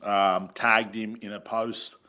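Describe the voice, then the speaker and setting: Slow, cocky caller. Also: male voice, lowish voice, level tone. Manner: loud, cocky, jokey. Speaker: caller leaving a voice message. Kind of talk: casual voice message.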